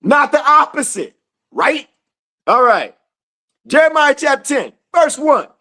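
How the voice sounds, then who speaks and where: Brief: woman scripture teacher, casual and animated, swooping lively pitch, unhurried delivery. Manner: animated, laughing, talks to viewers as y'all. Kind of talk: casual livestream Bible teaching.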